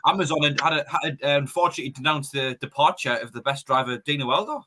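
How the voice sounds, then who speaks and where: A man's voice: medium pitch, fast talker, sharp tone. A man cutting in with dry, wisecracking remarks on a live football fan stream. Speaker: co-host.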